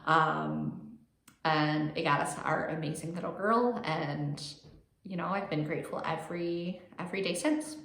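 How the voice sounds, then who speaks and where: In an echoey room, a young woman vlogger relates a personal story in an emotional, chatty manner, leaning heavily on "like." Her low-pitched voice has vocal fry and a slightly bright quality, and she speaks unhurriedly.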